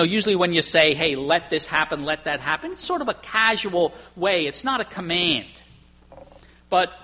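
A man's voice: high voice, bright, forceful tone, husky. A man preaching a sermon to his congregation in an emphatic, conversational way, asking rhetorical questions. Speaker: pastor.

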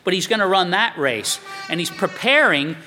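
A man preaching a sermon as a pastor, animated and emphatic. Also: high voice, moderate pace, slight background noise. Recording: long hall reverb.

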